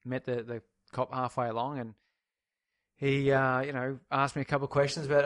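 A man's voice: mid-range voice, level tone, brisk. A man from Australia co-hosting a casual podcast, telling a wry personal anecdote. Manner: anecdotal, wry, laughs at his own story. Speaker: podcast co-host. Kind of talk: casual chat.

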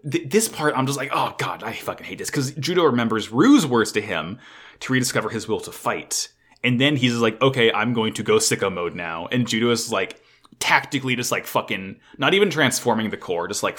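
A man co-hosting a podcast, recapping an anime episode in excitable, swear-heavy casual chat and acting out characters' lines. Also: lowish voice, a little fast, slightly rough. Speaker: podcast co-host.

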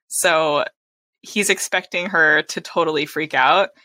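A woman's voice: sits low, unhurried, no room sound. A woman co-hosting a book podcast, chatting casually and laughing often as she retells scenes. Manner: lively, chatty, with frequent laughter and acted-out quotes. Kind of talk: casual book-club chat.

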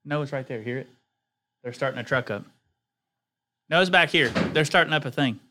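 A man's voice: mid-range voice, moderate pace, pushed and bright, a little hiss or hum. A man chatting on a podcast, laid-back and swearing freely. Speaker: podcast guest. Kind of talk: casual chat.

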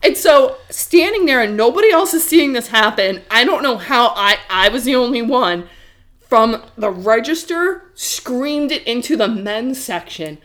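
A woman co-hosting a casual podcast, telling stories in an animated way, laughing often and using lots of fillers. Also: fairly high pitch, a little slow. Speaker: podcast co-host. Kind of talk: casual chat.

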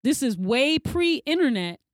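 A woman co-hosting a casual chat, telling stories with lively energy and acting out what others said. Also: slow, no room sound, clean studio sound. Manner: animated storyteller, acts out quotes in a high voice.

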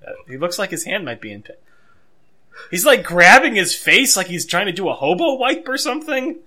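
A man co-hosting a podcast, telling a story in an animated, wry way and riffing casually. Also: high-pitched, brisk. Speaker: podcast co-host. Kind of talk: casual chat.

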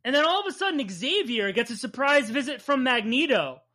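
Bright-voiced man with a Jersey accent. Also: very high voice, big pitch swings, fairly quick. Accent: New Jersey. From New Jersey. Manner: profane, rambling, laughs often. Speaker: podcast co-host. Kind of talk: casual recap chat.

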